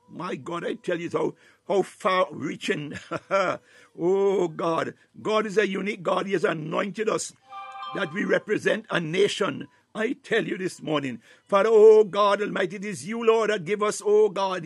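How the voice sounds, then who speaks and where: Male prayer leader with a high, dry voice, praying fervently, hushed one moment and near-shouting the next. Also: husky, no echo. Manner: repeats "oh God" and "Lord" between phrases, swells from hushed to near-shouting; breaks into tongues. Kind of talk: fervent spontaneous morning prayer.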